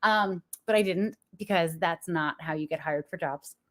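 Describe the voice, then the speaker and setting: A young adult woman with a slightly low-pitched voice speaks to her viewers as a business coach. She talks frankly and confessionally, breaking into frequent small laughs. Her tone stays candid and motivational. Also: normal speed, fairly bright tone.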